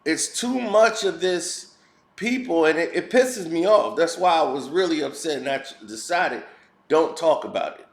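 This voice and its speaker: A man with a high-pitched voice delivers a blunt, heated, preachy opinion rant. He talks as a commentary vlogger. His voice rings in a roomy echo. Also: lively intonation, normal speed.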